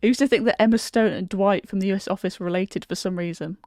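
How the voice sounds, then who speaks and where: A woman's voice: mid-range voice, fast talker, darkish tone, no room sound, clean studio sound. A woman hosting a casual chat, giggly and hesitant, full of fillers. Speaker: host.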